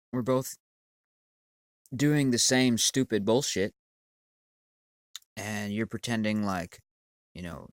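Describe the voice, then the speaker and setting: A channel owner with a sinus cold rants at a commenter in a lowish, clean-toned voice, recorded dry. His monologue is profane, rambling and full of stammering.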